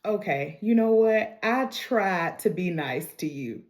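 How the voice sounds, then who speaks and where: A woman voicing a cold, scheming young woman in a recap, dropping her voice low, quiet and matter-of-fact. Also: expressive, takes it slowly.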